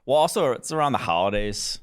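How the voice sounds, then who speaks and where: A man's voice: medium pitch, sing-song, fast talker, smooth. A man co-hosting a podcast, dropping dry, joking remarks into the conversation. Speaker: podcast co-host. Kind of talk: casual podcast banter.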